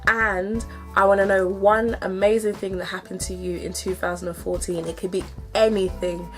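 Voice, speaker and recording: A woman's voice: mid-range voice, flat delivery, moderate pace, fairly bright tone, faint music behind. A woman from the UK talking straight to her viewers in a vlog, emphatic and emotional, repeating herself for effect. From United Kingdom. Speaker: vlogger. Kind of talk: direct-to-camera vlog.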